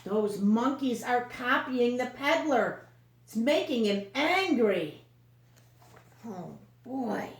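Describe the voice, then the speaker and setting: A woman teacher reading a picture book aloud to young children, taking it very slowly. Her voice is fairly high, and she often pauses to ask questions. The sound rings in an echoey room. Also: animated. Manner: slow, questioning storytime delivery.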